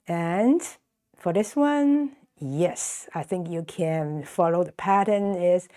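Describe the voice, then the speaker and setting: A woman with a Chinese accent, a native Chinese speaker, teaching a beginner's language lesson and patiently repeating words slowly for learners. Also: fairly low pitch, warm tone. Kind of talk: slow explanatory online lesson.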